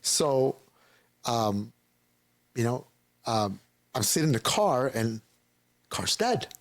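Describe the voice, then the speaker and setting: A man's voice: medium pitch, big pitch swings, slow pace, dry recording. A man being interviewed as a guest, telling a personal testimony in a rambling, casual way and acting out the voices of people he quotes.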